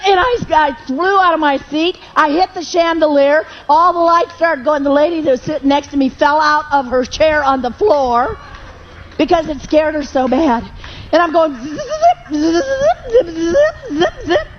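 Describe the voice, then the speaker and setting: A woman's voice: high-pitched, steady tone, normal speed, lo-fi sound, slight background noise. A woman preacher telling a personal testimony in a sermon, with emotional storytelling that rises into fervent prayer.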